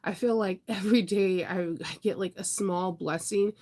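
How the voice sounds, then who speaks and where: A woman's voice: medium pitch, normal speed, dark tone. A woman who is congested from being sick, chatting casually on a livestream in a rambling, upbeat way. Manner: rambling, upbeat, answers viewer comments. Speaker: vlogger.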